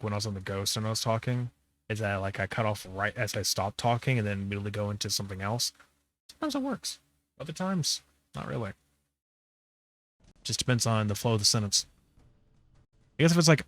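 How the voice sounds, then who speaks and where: A man's voice: lowish voice, a bit bright, no echo. A tired man streaming while he edits a video, rambling casually and searching for words. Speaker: streamer editing his video. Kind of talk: casual live commentary.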